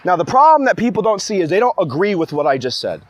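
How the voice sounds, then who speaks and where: Agitated high-voiced young man ranting. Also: sing-song, fast talker, no room sound. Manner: agitated, rambling, full of restarts. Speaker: vlogger ranting to camera. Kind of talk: heated personal monologue.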